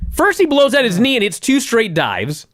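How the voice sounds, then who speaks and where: A man's voice: very high voice, huge pitch swings, moderate pace, a bit bright, dry recording, clean studio sound. A man co-hosting a casual podcast and ranting sarcastically about a wrestling show, swearing often. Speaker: podcast co-host. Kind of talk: casual profane wrestling review chat.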